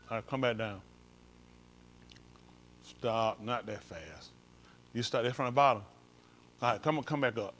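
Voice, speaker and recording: A man's voice: fairly low pitch, a little hiss or hum. A male pastor leads an informal Bible study, comparing translations and coaxing someone along with repeated "come on.".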